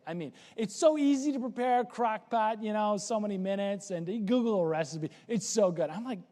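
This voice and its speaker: A man preaching a casual, conversational sermon as pastor, chatty and full of restarts and lively asides. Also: sits high, a little fast, few pauses. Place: church sanctuary. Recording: church hall with long reverb.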